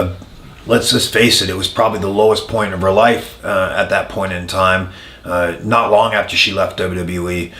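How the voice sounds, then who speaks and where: Male interview guest, lowish bright voice, frank storyteller, echoey room. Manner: frank, many "uh" pauses, animated when telling anecdotes. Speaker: former wrestler, interview guest.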